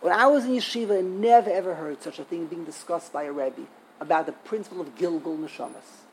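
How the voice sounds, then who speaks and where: A man's voice: a little high, a little fast, a little hiss or hum, low-quality recording. An older man giving an informal Torah class, emphatic and indignant, repeating himself for stress. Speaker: Torah teacher.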